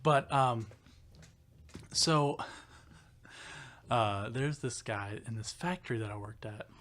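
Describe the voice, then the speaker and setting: A man's voice: medium pitch, slow pace, fairly bright tone. A young man in his twenties, co-hosting a casual podcast, telling a story animatedly and laughing often. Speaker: podcast co-host.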